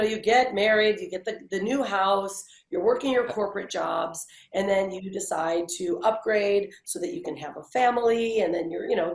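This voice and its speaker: A woman in her forties, an interview guest, telling her story in a lively conversational way and acting out the people she quotes. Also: medium pitch, echoey room, poor audio. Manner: animated storyteller who acts out quoted people. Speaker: interview guest, branding agency founder.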